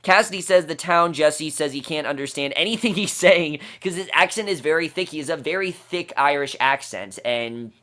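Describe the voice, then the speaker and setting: A man with a voice pitched a little above the usual walks through a TV episode scene by scene. He sounds casually enthusiastic and chatty, often stumbling over restarts and fillers as he shares his opinions. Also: bright, forceful tone. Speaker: TV series reviewer. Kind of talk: casual episode recap and review.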